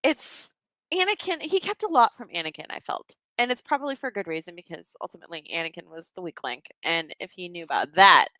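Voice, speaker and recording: A woman's voice: on the low side, sing-song, a little fast, bright, forceful tone, no echo, rough recording. A woman co-hosting a casual fan discussion stream, thoughtful and explaining points at length on a home microphone. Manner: thoughtful, explains at length, reads out viewer comments. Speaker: podcast co-host. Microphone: home mic on a video call.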